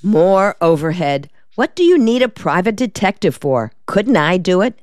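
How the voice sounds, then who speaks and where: A woman reading the part of a quick-witted, sassy young female secretary in an audiobook, with a wry drawl. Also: lowish voice, sing-song, darkish tone, dry recording, clean studio sound.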